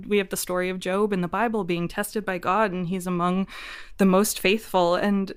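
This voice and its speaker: A woman in her forties speaks as a podcast guest, open and reflective about her own life. Her voice sits a little low, and she breaks into laughter easily between thoughts. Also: clear, resonant tone. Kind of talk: candid personal storytelling in a conversation.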